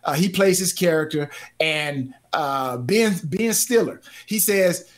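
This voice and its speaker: High-voiced, laughing male host. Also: slow pace. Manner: animated, laughs often, repeats phrases. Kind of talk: casual radio chat.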